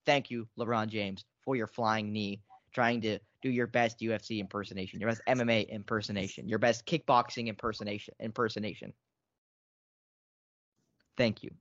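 A man co-hosting a casual sports podcast. He is excitable and repeats himself, and his pitch jumps a lot. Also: moderate pace, no room sound. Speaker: podcast co-host. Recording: dry, dull lo-fi sound.

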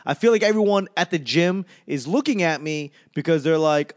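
A man's voice: fairly high pitch, animated, normal speed, hardly any pauses. A man working as a stand-up comedian, talking in a casual, rambling monologue. He swears often, mocks himself, and trails off and restarts his sentences. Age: adult. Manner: profane, self-deprecating, trails off and restarts.

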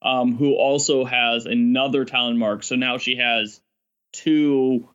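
A man telling stories as a game master in a casual podcast chat, rambling and animated, often laughing. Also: mid-range voice, slow, clean tone, highs cut off.

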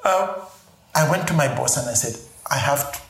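Man, from Zambia, middle-aged, interview guest, animated storytelling, roomy echo. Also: fairly high pitch, normal speed, vocal fry. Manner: animated anecdotal storytelling with laughter. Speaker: podcast guest.

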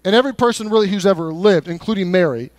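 A male pastor preaching a sermon in a church in a conversational, animated way, often repeating words as he goes. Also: high-pitched, racing, dry recording. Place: church sanctuary.

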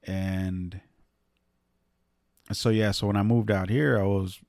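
A man's voice: lowish voice, fairly even intonation, slow, darkish tone, dry recording, studio quality. A man from Northern California telling a casual, rambling story, swearing freely and using many fillers.

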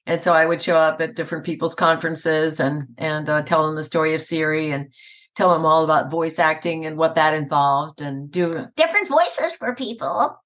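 Chatty woman voice actor, lowish voice. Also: little pitch movement, brisk, a bit bright. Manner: chatty, storytelling, laughs often. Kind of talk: casual interview conversation. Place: Atlanta area.

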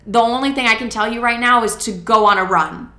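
A woman's voice: on the high side, brisk, pushed and bright, roomy sound. A woman quoting her fussy, insistent mother, who keeps repeating the same advice.

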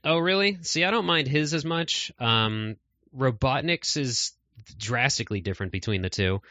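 A man's voice: medium pitch, lively intonation, moderate pace, bright, forceful tone, no room sound. A man hosting a podcast in casual chat, rambling with many fillers. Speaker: podcast host.

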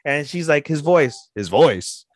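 A man co-hosting a podcast, casually recapping an anime episode with lots of swearing and quick character voices. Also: no echo. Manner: excitable, swears a lot, acts out characters in quick high voices. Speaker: podcast co-host.

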